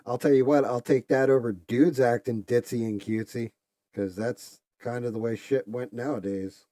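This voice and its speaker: A man chatting casually and profanely while he paints. He rambles and trails off into quiet muttering. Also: mid-range voice, fairly even intonation, moderate pace, no echo, studio quality. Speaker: streamer painting a figure. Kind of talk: casual chat while working.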